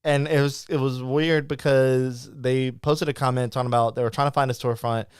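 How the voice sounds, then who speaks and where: A man's voice: mid-range voice, steady tone, fairly quick, clear, resonant tone, no room sound, clean studio sound. Man hosting. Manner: rambling, many restarts and acted-out quotes. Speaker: podcast host. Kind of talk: casual live interview chat.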